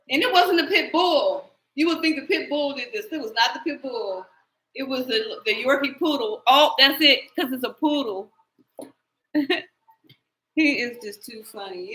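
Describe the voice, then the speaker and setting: A woman hosting a live tarot stream, telling rambling stories in a casual, animated way, laughing often and swearing freely. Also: high-pitched, reverberant, low-quality recording.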